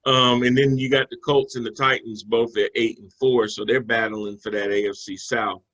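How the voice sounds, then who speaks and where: A man's voice: mid-range voice, fairly even intonation, moderate pace, fairly bright tone, dull audio. A man co-hosting a sports talk show, breaking down football games in a loose, conversational way with fillers and restarts. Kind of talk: casual sports analysis chat.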